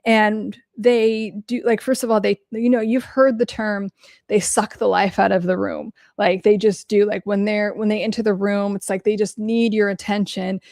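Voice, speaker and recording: A woman who hosts a podcast as a mental health coach answers questions on her own, talking bluntly and casually, swearing freely and using lots of fillers in an animated, storytelling way. Her voice is mid-range and creaky at a normal speed. The studio-quality recording has no room sound.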